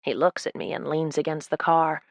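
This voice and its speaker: A woman's voice: sits low, fairly even intonation, normal speed, no room sound. A woman narrating a novel in the first person as an audiobook, with a dry, wry delivery.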